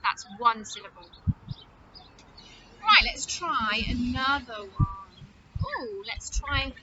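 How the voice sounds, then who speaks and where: A woman teacher leading an early-years phonics lesson, speaking slowly and encouragingly as she says words clearly and claps out their syllables. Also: fairly high pitch, animated. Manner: slow, sing-song, encouraging, clapping out syllables. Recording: dull lo-fi sound with loud noise.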